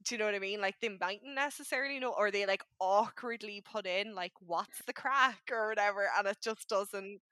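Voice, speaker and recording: A woman in casual chat, talkative and quick to laugh, filling her talk with "like". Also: medium pitch, fairly even intonation, a bit bright, smooth, no echo. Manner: chatty, laughs often, lots of "like".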